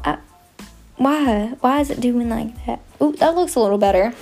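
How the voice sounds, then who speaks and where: A woman's voice: fairly high pitch, animated, moderate pace, darkish tone, faint music behind. A young woman hosting her podcast, chatting in a rambling, goofy, self-mocking way. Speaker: podcast host. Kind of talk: casual rambling chat.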